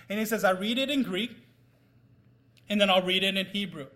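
A middle-aged pastor preaching with a notably high voice. He tells stories to the congregation, pushing some phrases out loudly and dropping others to a near murmur. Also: animated, moderate pace, pauses often. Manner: storytelling, swings from loud emphasis to quiet asides. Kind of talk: sermon.

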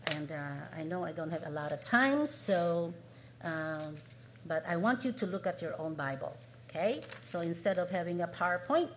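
A woman's voice: on the low side, expressive, moderate pace, slight background noise. A woman preaching a sermon, asking the congregation questions and acting out what people say. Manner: asks the congregation questions, acts out quoted voices.

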